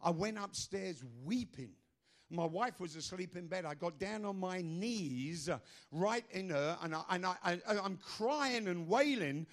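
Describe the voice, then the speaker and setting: Male preacher, high voice, middle-aged, fervent sermon delivery, swings from shouting to hushed prayer. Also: animated. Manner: fervent, rising to shouts with drawn-out "uh" fillers.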